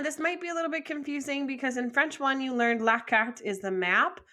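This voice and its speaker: A young adult woman teaching French vocabulary in a patient, encouraging lesson, modeling pronunciation slowly and asking learners to repeat. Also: fairly high pitch, pushed and bright. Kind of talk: slow, deliberate vocabulary lesson with repeat-after-me drills.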